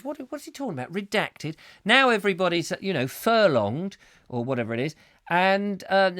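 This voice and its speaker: Lively jokey man ranting on live chat. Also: on the high side, no room sound, clean studio sound. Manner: rambling, jokey, rhetorical questions. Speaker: host. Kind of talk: ranty comic live chat, reading viewer comments.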